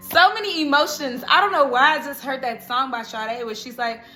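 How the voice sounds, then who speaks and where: Woman, tarot reader, casual and chatty, bright tone, roomy echo. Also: high-pitched, normal speed, soft background music. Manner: chatty, laughs often, keeps asking "okay?".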